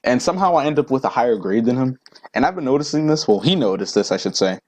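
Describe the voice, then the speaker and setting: A man's voice: mid-range voice, animated, fast talker, a little mellow, slight background noise, low-quality recording. A teenage boy ranting casually to camera, rambling and profane with lots of fillers. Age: teens. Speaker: vlogger.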